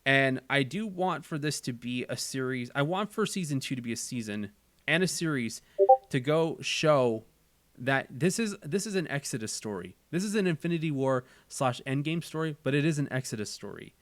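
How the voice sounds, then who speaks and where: In a casual chat, a male channel host speaks earnestly in a mid-range, expressive voice at a moderate pace. His tone is fairly bright with no echo, and he repeats phrases while thinking aloud.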